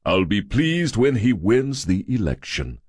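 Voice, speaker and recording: A man narrating an audiobook, voicing a powerful older male boss who speaks in a clipped, assured, unhurried way. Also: on the low side, big pitch swings, a little mellow, slightly rough, no room sound, studio quality, heavily acted. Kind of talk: audiobook dialogue.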